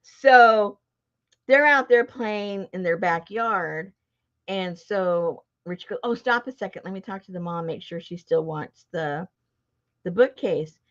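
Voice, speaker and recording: A woman's voice: medium pitch, slow pace. A middle-aged woman telling a story to a casual chat audience, laughing often. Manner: chatty, laughs often, animated retelling. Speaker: host. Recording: dull lo-fi sound.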